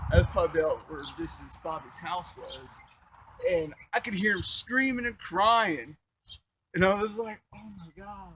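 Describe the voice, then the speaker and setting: A man's voice: high-pitched, slight background noise, rough recording. A young man telling a crude life story in a casual, rambling, profane way, full of fillers.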